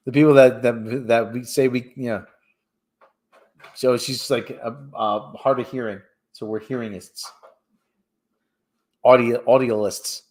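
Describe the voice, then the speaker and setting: A man's voice: mid-range voice, takes it slowly, pauses often, a little mellow. A man hosting a casual livestream who chats loosely and reads news stories aloud, rambling and tripping over words as he goes. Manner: rambling, stumbles over words while reading. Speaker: livestream host.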